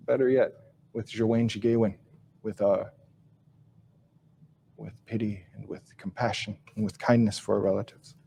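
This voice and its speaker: A man giving a live teaching talk and telling a story, speaking slowly and reflectively, repeating and restarting phrases, his sentences fading softly at the ends. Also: lowish voice, fairly even intonation, vocal fry, a little hiss or hum. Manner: slow, reflective delivery with soft, trailing phrase endings; repeats and restarts phrases while searching for words. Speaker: Ojibwe language teacher and speaker.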